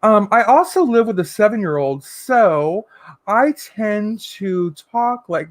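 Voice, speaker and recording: A man hosting a casual livestream, reading viewer comments aloud and answering in a sassy, campy way with drawn-out endearments. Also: high voice, big pitch swings, dry recording. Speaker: livestream host.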